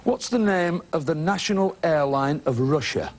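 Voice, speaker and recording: A man's voice: a little high, lively intonation, moderate pace. A man hosting a TV game show, teasing contestants with chummy banter in a studio before an audience. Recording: 1980s broadcast with studio audience and hiss.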